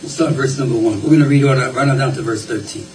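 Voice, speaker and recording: A man's voice: mid-range voice, steady tone, quick pace. Folksy preacher man in a roomy hall. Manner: folksy, conversational, repeats words. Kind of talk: sermon. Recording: roomy, distant, faint ambience.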